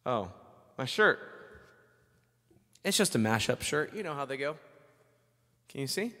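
A man's voice: medium pitch, very animated, measured pace, a bit bright. A middle-aged man hosting a music live stream, chatting casually between songs in a rambling way and thanking viewers by name. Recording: long reverb on the voice.

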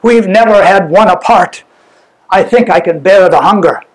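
A man voicing a starving, dying old wife who pleads in a strained, high-pitched voice. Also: normal speed, close to an everyday voice, low-quality recording. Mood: tender pleading.

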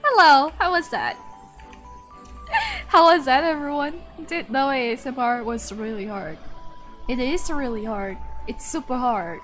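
A young woman livestreaming a game, her voice very high and bright as she chats with viewers. She talks at an unhurried pace but gets excitable and loud when the game surprises her, laughing often. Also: soft background music. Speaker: streamer. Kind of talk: casual gaming livestream chat.

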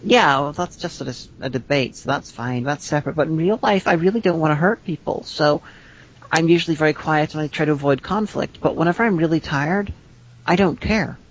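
A woman from Northern Ireland with a Northern Irish accent, co-hosting a podcast in casual chat, rambling with frequent restarts and dry humor. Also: a little fast. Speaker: podcast co-host. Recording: slightly dull lo-fi audio with faint rumble.

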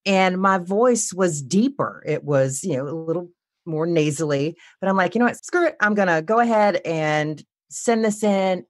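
Chatty, lower-voiced woman narrator guest. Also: dry recording, clean studio sound. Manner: chatty, self-amused, laughs easily. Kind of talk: casual interview chat.

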